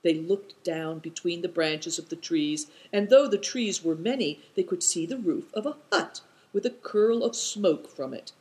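A narrator reading a storybook aloud in a measured, descriptive way. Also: mid-range voice, darkish tone, poor audio. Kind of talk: audiobook narration.

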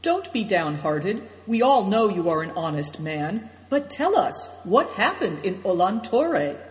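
A reader voicing a calm male guide who speaks patiently and encourages the others. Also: mid-range voice, measured pace. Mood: reassuring. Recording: roomy echo with long reverb.

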